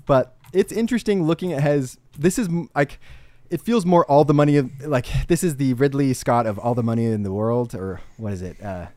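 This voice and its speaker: A man's voice: medium pitch, lively intonation, brisk, darkish tone, no echo. A young man co-hosting a podcast, talking through a film review in a rambling, enthusiastic way. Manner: rambling and enthusiastic, many restarts. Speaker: podcast co-host. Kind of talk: casual film review chat.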